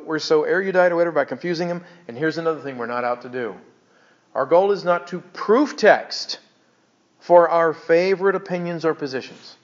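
Male pastor, slightly high, chatty and joking from the pulpit, dull lo-fi church recording. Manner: chatty, joking, stumbling restarts. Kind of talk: conversational sermon.

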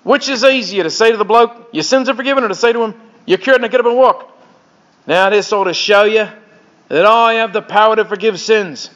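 A man's voice: high-pitched, fairly quick, a bit bright. A man voicing a hearty Australian storyteller, punchy and boisterous in an Australian accent. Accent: Australian, put on. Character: hearty Australian male yarn-spinner. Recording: dull lo-fi recording.

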